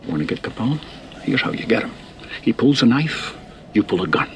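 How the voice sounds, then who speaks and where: An actor with a Scottish accent playing a tough veteran police officer, giving blunt advice in a film scene. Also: male voice, fairly low pitch, very animated, normal speed, a little hiss or hum. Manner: blunt, instructive.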